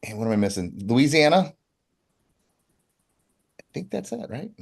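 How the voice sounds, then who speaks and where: A man co-hosting a telehealth livestream, reading viewer questions and answering in a relaxed, reassuring, matter-of-fact way. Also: mid-range voice, normal speed, creaky. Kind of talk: casual livestream chat.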